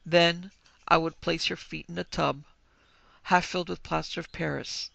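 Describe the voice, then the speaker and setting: A skeptical German businessman, stiff and formal in his speech, voiced by a male narrator with a gravelly tone. His pitch barely moves, and the recording is close and dry. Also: steady tone, moderate pace, sharp tone, no echo, full character voice.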